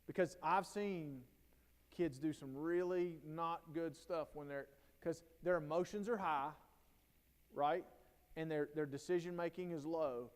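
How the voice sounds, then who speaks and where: A man's voice: fairly high pitch, long reverb tail. A man giving a conversational, anecdote-driven talk at a teacher training day. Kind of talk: storytelling professional development talk. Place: school auditorium or hall.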